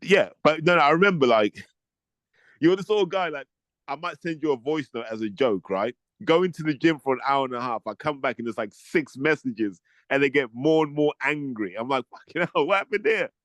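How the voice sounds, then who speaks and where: A man gives blunt, opinionated takes in a casual chat, filling his talk with "like". His voice is mid-pitched. The sound is close and dry. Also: moderate pace, fairly bright tone, no room sound. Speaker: podcast co-host.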